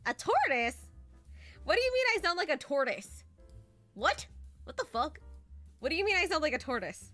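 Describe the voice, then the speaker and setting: A woman's voice: sits high, sing-song, moderate pace, long pauses, pushed and bright, no echo, soft background music. A young adult woman streamer reacting to her chat, swearing freely and whining in mock outrage.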